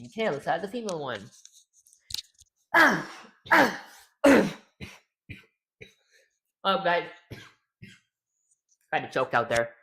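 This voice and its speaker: A man's voice: high-pitched, wildly swooping pitch, drawn-out words, gravelly, pauses often, pushed and bright. Chatty male programming streamer. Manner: chatty, narrating his own steps, answering chat. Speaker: livestream host. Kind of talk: casual chat while programming.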